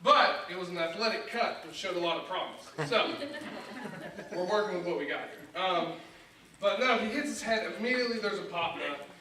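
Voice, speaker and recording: A young man with a high, bright voice tells self-mocking family stories as stand-up comedy. His voice bounces around an echoey church sanctuary, picked up from some distance by a room mic. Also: animated, normal speed, a little hiss or hum. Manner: self-mocking, storytelling with acted-out dialogue. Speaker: guest comedian. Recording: echoey church hall from far off.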